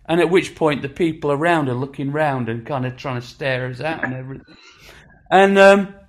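A man in his sixties with a Sheffield accent, telling stories in a casual chat with lively acted-out quotes and frequent restarts. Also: a little high, moderate pace. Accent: Sheffield English. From England. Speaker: musician guest.

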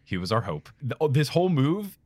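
A man's voice: mid-range voice, sing-song, fairly quick, darkish tone, no room sound. A young man co-hosting a casual podcast, talking animatedly and ranting about his favorite team. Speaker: podcast co-host.

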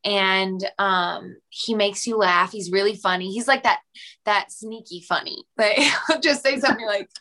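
Bright-voiced young woman, earnest and chatty. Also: medium pitch, normal speed. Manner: warm, earnest, laughs often, animated retelling. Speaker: podcast guest. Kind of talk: heartfelt casual conversation.

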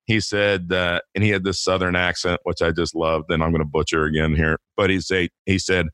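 A man's voice: deep voice, steady tone, brisk, few pauses, a bit bright, no room sound, clean studio sound. A man talking casually about faith as a podcast guest, rambling with many restarts and fillers.

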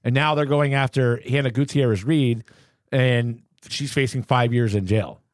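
A man's voice: medium pitch, steady tone, normal speed, no echo, studio quality. A man hosting a casual podcast from a cluttered home office. He rants in frustration and fires off rhetorical questions. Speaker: podcast host. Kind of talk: casual opinionated chat.

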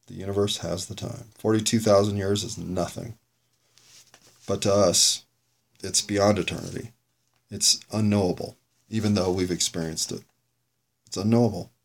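A man's voice: deep voice, fairly even intonation, normal speed, vocal fry, pauses often. A man hosting his own podcast, rambling through a reflective and self-critical solo monologue. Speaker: podcast host reviewing his own episodes.

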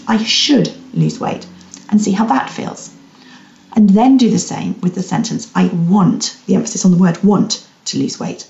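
A woman hosting a solo podcast, gently guiding listeners with reflective questions as a weight-loss coach. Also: mid-range voice, gravelly. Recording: roomy, slightly dull recording.

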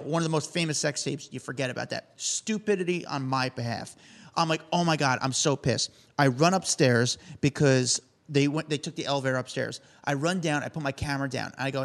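A man's voice: mid-range voice, creaky. A man co-hosting a podcast, telling a celebrity anecdote in casual chat and acting out the dialogue. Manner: animated storyteller, acts out quoted dialogue. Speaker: podcast co-host.

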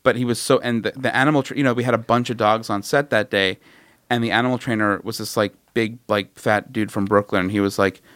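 A man co-hosting a comedy podcast, chatting casually and telling an anecdote with quick asides. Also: lowish voice, steady tone, a bit bright, dry recording. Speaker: podcast co-host.

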